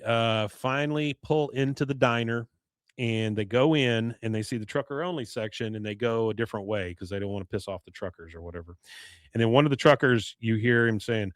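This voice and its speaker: Male podcast host, mid-range pitch, dry close-mic sound, voice wearing thin, loose animated recap delivery. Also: normal speed, dry recording. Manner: animated storytelling, frequent "uh" and "you see". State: voice going hoarse. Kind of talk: casual episode recap.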